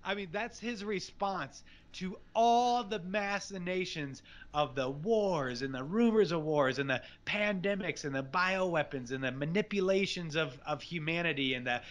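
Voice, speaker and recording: A man's voice: high voice, a bit bright. A man speaking as a guest, giving fervent, preachy religious commentary that is packed with scripture. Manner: fervent, preachy, rapid scripture-laden rants.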